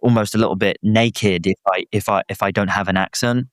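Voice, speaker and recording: A young British man, a guest actor, chatting casually with animated, self-deprecating, rambling stories. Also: lowish voice, brisk, no room sound, studio quality. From Britain. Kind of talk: casual chat.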